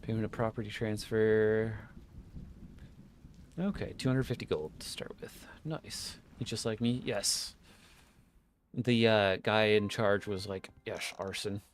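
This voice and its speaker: A man's voice: on the low side, fairly even intonation, a little slow, long pauses, a little hiss or hum. A man streaming a game in casual chat, talking to his viewers and reading game text aloud. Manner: chatty, talks to chat and reads game text.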